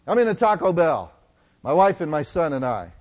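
A middle-aged man preaching a sermon, telling stories and swinging from loud to hushed. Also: fairly high pitch, very animated, moderate pace. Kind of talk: sermon storytelling.

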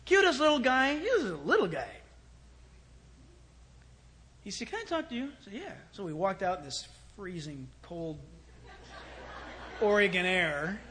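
A man preaching a sermon as pastor, animated, swinging from loud exclamations to hushed storytelling. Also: high voice, unhurried, pauses often, slight background noise.

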